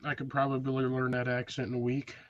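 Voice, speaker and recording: A man on a casual live chat stream, quick to tell goofy joking stories. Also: mid-range voice, completely flat delivery. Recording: dull lo-fi audio.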